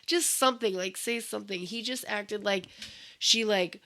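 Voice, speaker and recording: A woman's voice: medium pitch, normal speed, crowd noise. A woman casually chatting about a film she watched, with many likes and you-knows. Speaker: movie reviewer. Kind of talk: casual chat.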